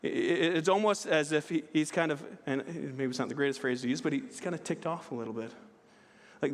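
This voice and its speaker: A man's voice: fairly high pitch, brisk. A male pastor preaching a sermon in a conversational way, often asking "right?" and restarting his phrases, in a church sanctuary. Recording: long hall reverb.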